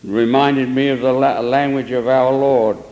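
A man's voice: mid-range voice, steady tone, a little slow, a little mellow. An older man preacher telling a story in an earnest sermon, with emphatic swells. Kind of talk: sermon testimony. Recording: long echo of a large hall.

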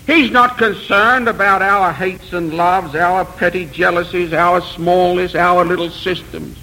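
A man's voice: sits high, bright, forceful tone, low-quality recording. A man preaching a sermon in an earnest, rhetorical manner, building emphasis through repeated phrases. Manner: self-deprecating asides.

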